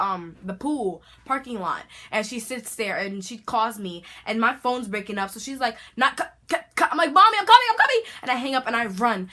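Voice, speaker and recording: A teenage girl vlogger telling a storytime tale in a dramatic, animated way, full of slang. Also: a little high. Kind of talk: storytime vlog.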